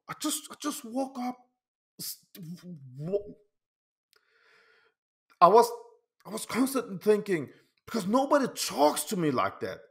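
High-voiced man ranting slowly. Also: huge pitch swings, creaky, fairly bright tone. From Denmark. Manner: agitated, repeating words and restarting sentences; swears often. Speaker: pinball YouTuber. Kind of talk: casual vlog rant.

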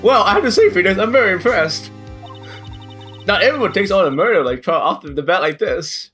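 A man's voice: sits high, animated, fairly quick, fairly bright tone, soft background music. A man voicing a poised female lawyer mentor in a mock-formal way. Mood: composed.

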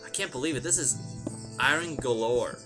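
A young man with a mid-range voice talks casually at a moderate pace while playing a game, chanting repeated words under his breath. It's game commentary, and music plays in the background.

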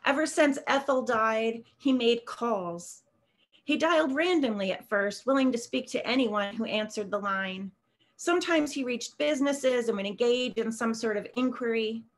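A woman author reading her own short story aloud in a measured, steady way on a video call. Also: on the high side. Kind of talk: literary reading.

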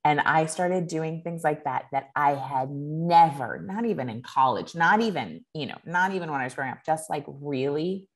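Woman guest from Maine, lower voice, thoughtful and earnest. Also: moderate pace, few pauses. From Maine, USA. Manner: reflective, earnest, relaxed. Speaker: guest, author. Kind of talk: casual conversational interview.

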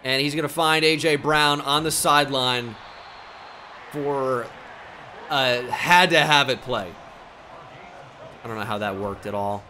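A man's voice: mid-range voice, measured pace, long pauses, sharp tone, slight background noise. A young man commentating his own video game as a gaming YouTuber, switching between mock play-by-play and frustrated outbursts.

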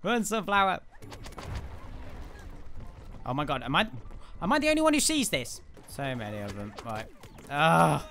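A young man giving excitable let's-play commentary, laughing often and yelling at his teammates. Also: a little high, a little fast, creaky, slight background noise. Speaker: gaming video host.

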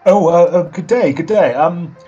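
Man playing a halting, courteous adventurer. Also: high-pitched, muffled recording, faint music behind, voice pushed up, natural voice. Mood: polite. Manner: formal, halting, many restarts. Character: polite hesitant adventurer escorting a girl.

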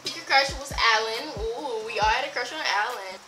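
A teenage girl chats through her old diaries in a bright, high voice, gasping and giggling between entries. She sounds like she is in an echoey bedroom. Loud background music plays under her voice. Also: moderate pace. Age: teens. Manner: chatty and giggly, reacting with gasps and exclamations. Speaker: vlogger. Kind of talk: casual vlog, reading old diaries aloud.

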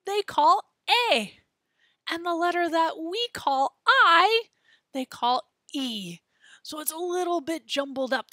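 A woman teaching a children's Spanish lesson, enunciating words slowly and clearly in an encouraging way. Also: high-pitched, bright, forceful tone, no room sound, clean studio sound.

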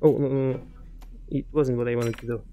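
A man's voice: mid-range voice, fairly even intonation, brisk, mellow, slight background noise. A young man giving casual let's-play commentary, chatting to enemies and muttering asides to himself. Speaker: gaming commentator.

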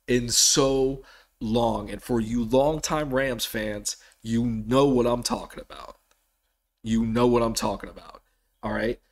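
A man hosting a casual solo sports podcast, rambling with frequent restarts and animated bursts of excitement. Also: mid-range voice, unhurried. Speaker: podcast host.

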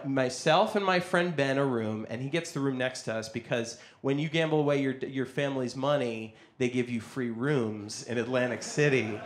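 A man in his thirties telling a stand-up story in an animated, excitable way, with quick bursts. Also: medium pitch. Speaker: stand-up comedian. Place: comedy stage.

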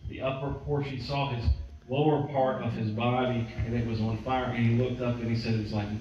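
Brisk and level in tone, a mid-range male voice carries a storytelling sermon in which the preacher performs each character's quotes conversationally. He is captured from afar in a very echoey church hall, and the dull recording has faint room noise underneath.

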